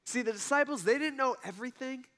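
High, bright-voiced man preaching casually. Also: a little fast. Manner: animated, conversational retelling with acted-out quotes. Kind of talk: casual storytelling sermon.

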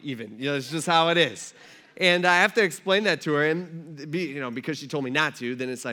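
A man in his thirties preaching a sermon from a church stage, telling stories in an animated, conversational way with lots of asides. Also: fairly high pitch, fast talker. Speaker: pastor.

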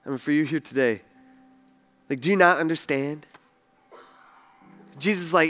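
Animated bright-voiced male preacher. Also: a little high, moderate pace, pauses often, soft background music. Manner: animated, acts out quoted voices, swings loud and soft. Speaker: pastor. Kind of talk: sermon.

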